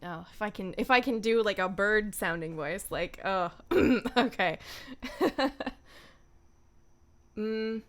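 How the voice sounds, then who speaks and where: A woman's voice: mid-range voice, takes it slowly, pauses often. A young woman streaming as a voice actor, chatting casually in a giggly, self-deprecating way into her microphone. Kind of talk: casual livestream chat.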